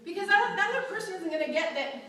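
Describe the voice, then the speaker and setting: A woman teaching a church Bible class, animated and often acting out quotes with a laugh. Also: very high-pitched, very fast, slight background noise. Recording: very echoey room, mic far off.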